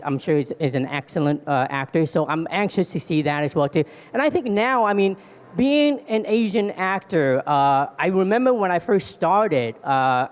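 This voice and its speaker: A man answering on a convention panel, hesitant, with many fillers and restarts. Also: a little high. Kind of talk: casual panel chat.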